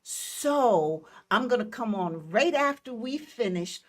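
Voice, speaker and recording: A woman's voice: a little high, animated, slow pace. An older woman hosting a live stream, effusively greeting viewers by name and blowing them kisses. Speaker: host. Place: Detroit.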